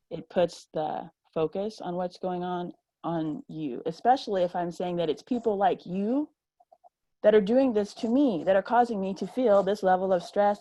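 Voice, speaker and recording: A woman with a low voice speaks earnestly as a panelist in a roundtable held over a video call, acting out the voices she quotes. The sound is close and dry, with no room around it. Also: dark tone, dry recording, poor audio.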